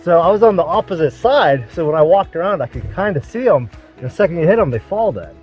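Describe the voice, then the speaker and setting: Animated storytelling man, light laughter. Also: fairly high pitch, fast, faint music behind. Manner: animated, laughing often while telling a story. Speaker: overland vlogger. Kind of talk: casual storytelling.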